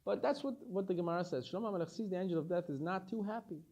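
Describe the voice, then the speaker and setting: A man's voice: high-pitched, racing. A man teaching a Torah lesson as a rabbi, telling stories with animation and acting out the dialogue. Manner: animated storytelling, acts out dialogue.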